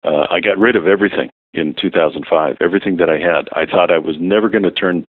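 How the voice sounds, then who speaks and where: A man, a voiceover artist, chatting casually as an interview guest, relaxed and self-deprecating with hesitant fillers. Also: deep voice, fast, no echo. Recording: dry, tinny phone-like line.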